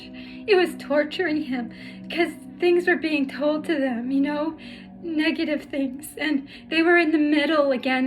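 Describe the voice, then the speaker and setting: A middle-aged woman telling her life story through tears, halting and full of restarts. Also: high-pitched. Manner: halting, emotional, many restarts. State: tearful. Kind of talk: personal storytelling vlog.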